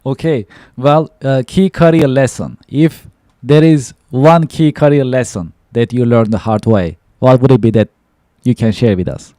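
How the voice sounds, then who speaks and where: A man's voice: mid-range voice, normal speed, mellow, dry recording. A male podcast host asking interview questions in short bursts and laughing along with his guest.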